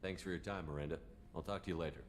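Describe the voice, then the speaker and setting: An actor playing a male starship commander who speaks in an even, measured way in a game. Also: sits low, a crowd in the background, natural voice. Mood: warm.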